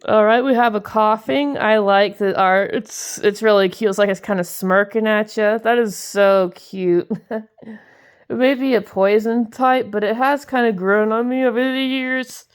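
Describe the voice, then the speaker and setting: A young woman speaks unhurriedly in a clean, steady, mid-range voice. As a card-collecting video host, she gives casual commentary while opening trading card packs, giggling and gushing about cards she's fond of.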